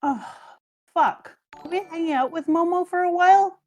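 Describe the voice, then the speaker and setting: Woman from Canada, middle-aged, loud, jokey, swearing, casual stream chat, home mic on a voice call. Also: very high-pitched, moderate pace, faint music behind. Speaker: co-host and teacher. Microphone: home microphone over a voice call.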